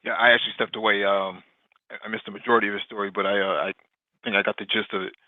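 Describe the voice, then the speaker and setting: A man's voice: lowish voice, flat delivery, no echo. A man chatting casually on a podcast, hesitating often and restarting his sentences as he tells a story. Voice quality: halting, many fillers and restarts. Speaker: podcast guest. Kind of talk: casual chat. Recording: thin phone-like sound.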